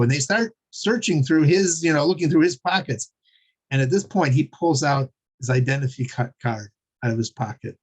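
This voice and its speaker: Halting, chuckling male storyteller. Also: medium pitch, slightly rough. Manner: halting, repeats words, many fillers; chuckles while telling. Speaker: Torah teacher. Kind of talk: storytelling class lecture.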